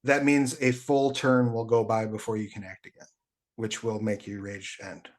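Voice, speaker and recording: A man running a tabletop game as game master, laughing often and pausing with fillers. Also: fairly low pitch, flat delivery.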